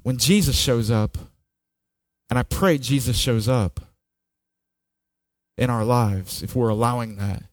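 A man preaching a sermon, slow and dramatic, sliding between hushed, near-whispered passages and raised, ringing peaks. His voice sits at an ordinary middle pitch. The recording is dry and close, with almost no room sound. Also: no echo. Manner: slow, dramatic preaching that swings from soft to loud. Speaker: pastor.

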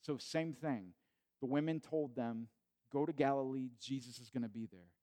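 A man preaching a sermon in a conversational way, retelling the scene with animated asides. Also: mid-range voice, normal speed. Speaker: pastor.

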